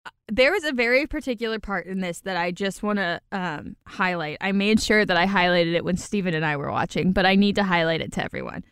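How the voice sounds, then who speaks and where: A woman co-hosting a casual podcast recap, animated and laughing often. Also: fairly low pitch, a little fast, clear, resonant tone, dry recording, clean studio sound. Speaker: podcast co-host.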